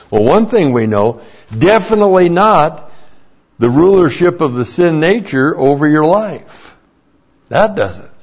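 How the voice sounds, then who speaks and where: A man teaching a Bible lesson slowly and emphatically, repeating each key point. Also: a little high. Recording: dull lo-fi recording.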